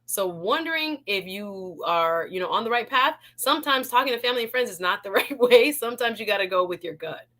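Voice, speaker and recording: A woman's voice: medium pitch, fairly quick, hardly any pauses. A Jamaican woman hosting a live online talk show, playful and laughing as she greets viewers in the chat. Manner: lively and playful, laughs often, shout-outs to chat.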